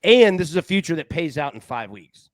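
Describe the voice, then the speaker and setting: A man hosting a sports-betting show in casual chat, talking in quick restarts and repeated false starts. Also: on the high side, dry recording, clean studio sound. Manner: animated, talks in restarts and repeated "I, I".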